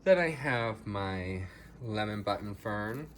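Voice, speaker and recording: A man with a lowish voice talks slowly and casually through a tour of his house plants, chatty and a bit dramatic about each one. A faint hiss of room noise sits under his voice. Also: expressive. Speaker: plant vlogger. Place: home with plants, indoors.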